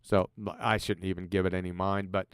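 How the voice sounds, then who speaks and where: A man's voice: low voice, level tone, brisk, smooth, no room sound, studio quality. A man hosting a commentary stream, mocking a clip he plays with sarcasm and swearing. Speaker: host reacting to a video.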